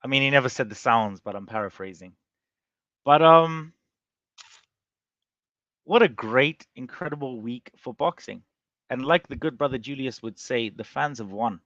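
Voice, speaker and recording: A man's voice: medium pitch, normal speed, long pauses, no room sound, lo-fi sound. A man talking casually and animatedly as a panelist on a boxing chat show, often restarting his sentences. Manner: animated, rambling, with many restarts.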